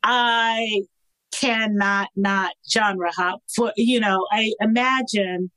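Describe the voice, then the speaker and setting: A woman's voice: medium pitch, fairly even intonation, slow, sharp tone, no room sound, rough recording. Chatty woman author guest, laughs often, dry close sound. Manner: chatty, laughing, many fillers. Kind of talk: casual podcast interview.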